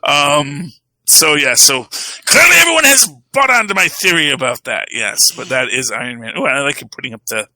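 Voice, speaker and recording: A man's voice: on the high side, big pitch swings, moderate pace, vocal fry, bright, forceful tone, dry recording, poor audio. A man co-hosting a podcast, talking comics in a rambling, casual way full of "you know" and "um". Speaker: podcast co-host. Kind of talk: casual chat about comics.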